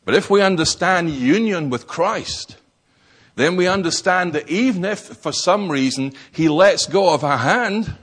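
A man's voice: medium pitch, a bit bright. A man preaching a sermon, stressing key words and posing rhetorical questions.

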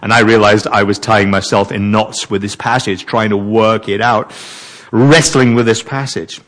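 Animated preacher. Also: male voice, lowish voice, normal speed. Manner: animated, wondering aloud, mixes reading with asides. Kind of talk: sermon.

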